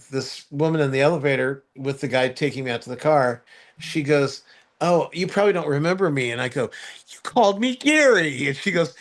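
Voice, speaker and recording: A male podcast host spins a story in easygoing chat, meandering with frequent fillers and restarts. He performs other people's words as high-pitched shouts when quoting them.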